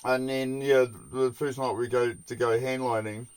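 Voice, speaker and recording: A man casually telling a long work story as a podcast host, swearing constantly, laughing often and acting out the shouting of people he worked with. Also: mid-range voice, level tone, moderate pace, clear, resonant tone, no room sound.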